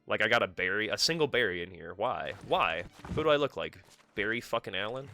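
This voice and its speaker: Bright low-voiced streamer swearing. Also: male voice, expressive, fairly quick, soft background music. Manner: swears freely, talks to himself. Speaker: live streamer. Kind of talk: casual gameplay commentary.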